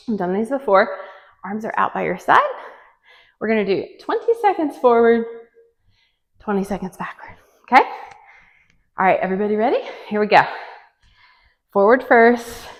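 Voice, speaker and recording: A woman leading a home workout, chatty and encouraging, counting reps and sometimes out of breath. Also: medium pitch. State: out of breath at times. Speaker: fitness instructor. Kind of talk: guided home workout coaching. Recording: long reverb, echoey room.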